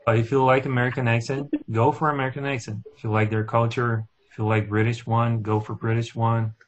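A woman with a very deep, flat voice, chatting casually and repeating her points. The sound is dull and lo-fi. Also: fairly quick, a little hiss or hum. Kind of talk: casual chat.

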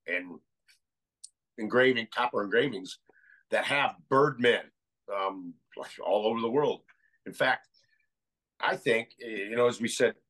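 A man's voice: mid-range voice, fairly bright tone, poor audio. Rambling American man thinking aloud. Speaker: guest researcher. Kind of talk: casual podcast conversation.

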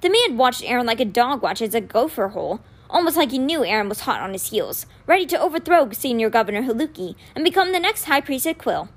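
A woman reading a children's novel aloud with expressive storytelling. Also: on the high side, brisk, few pauses. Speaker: reader.

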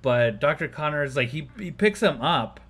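Animated, bright-voiced male co-host. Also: fairly high pitch, normal speed. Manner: animated retelling, laughs often, acts out scenes. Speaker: podcast co-host. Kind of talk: casual chat recapping a film.

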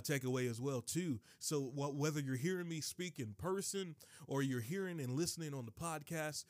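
A man preaching on his podcast, animated, digressing and breaking into high excited exclamations. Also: no room sound, clean studio sound. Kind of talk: sermon.

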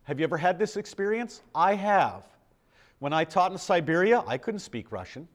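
A man's voice: high-pitched, big pitch swings, moderate pace. An older American man preaching a sermon in a conversational way, asking the congregation questions. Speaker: pastor.

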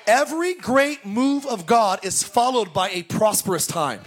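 A man preaching in a high, light voice at a church service. He tells his stories in a loose, personal way. He keeps breaking into loud, shouted exclamations. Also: animated, unhurried. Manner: storytelling, bursts into shouted exclamations. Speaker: pastor. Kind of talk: sermon.

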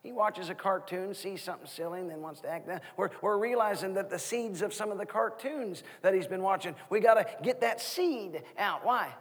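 Guy preaching in a church, fairly high husky voice, long echo in the hall. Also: fairly quick, few pauses. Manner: animated preaching with questions to the congregation. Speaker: guest minister. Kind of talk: sermon. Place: church sanctuary.

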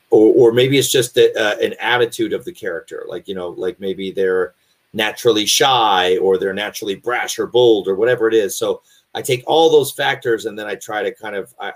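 Lower-voiced man explaining his craft. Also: normal speed. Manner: thoughtful, explaining his craft with many restarts. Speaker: guest voice actor and audiobook narrator. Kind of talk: casual interview chat.

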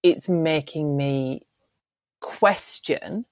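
A young woman co-hosting a podcast, speaking in a measured, thoughtful way with some hesitations. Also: deep voice, no echo. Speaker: podcast co-host. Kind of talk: casual chat.

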